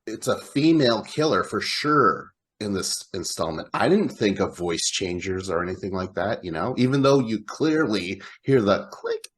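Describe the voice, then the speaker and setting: A man's voice: fairly low pitch, expressive, normal speed, hardly any pauses, a bit bright, husky. A man co-hosting a casual podcast about horror movies, laid-back, swearing and laughing along. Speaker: podcast co-host.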